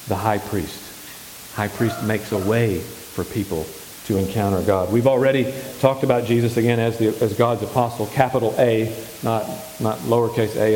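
A man's voice: medium pitch, darkish tone. A male pastor preaching a sermon, asking the congregation questions and answering them himself. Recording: echoey hall with faint hiss.

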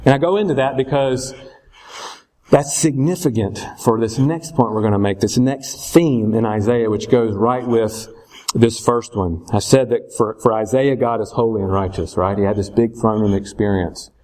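A man's voice: fairly low pitch, normal speed, warm tone. A man teaching a Bible lesson in a conversational way, often checking in with rhetorical questions.

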